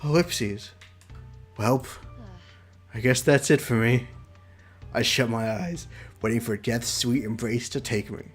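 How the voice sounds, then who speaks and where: Brief: chatty young male streamer, mid-pitched voice, game read-along, soft music. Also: a little slow, pauses often, husky. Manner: playful, chatty, laughs between lines. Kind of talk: reading a visual novel aloud with commentary.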